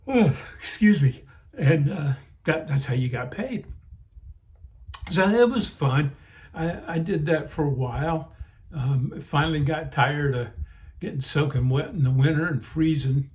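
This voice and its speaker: An older man hosting a vlog and telling a slow, rambling childhood memory, full of fillers and restarts, yawning now and then. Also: fairly high pitch. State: yawning, sleepy. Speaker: vlog host. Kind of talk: casual reminiscing.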